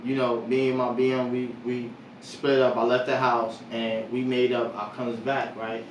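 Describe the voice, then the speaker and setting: A man's voice: mid-range voice, flat delivery, normal speed, muffled recording, a little hiss or hum. A man in casual podcast chat, telling stories candidly and rambling, often saying "you know what I mean". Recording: roomy distant mic.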